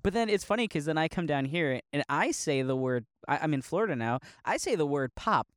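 A man's voice: a little high, lively intonation, a little fast, no room sound, clean studio sound. Rambling, laughing man. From Northeast Ohio. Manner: rambling, laughs often, many likes and restarts. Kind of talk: casual monologue.

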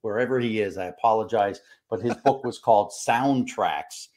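A man's voice: on the low side, moderate pace, darkish tone. An older man hosting a podcast interview, rambling and restarting his questions. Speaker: podcast host.

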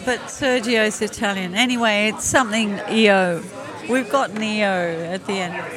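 A woman's voice: medium pitch, a little slow. A woman co-hosting a podcast in casual chat from a brewery taproom. She is chatty, trails off and gropes for words. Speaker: podcast co-host. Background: crowd chatter.

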